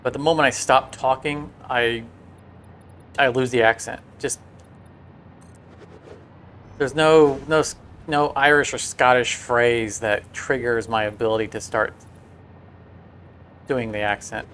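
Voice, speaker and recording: A man chats casually on a game livestream, drifting through stories with frequent restarts and fillers. His voice sits at a middle pitch. A faint hum of ambient noise runs behind him. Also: fairly even intonation, slow pace, pauses often, a bit bright. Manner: rambling, storytelling with restarts. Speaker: game streamer.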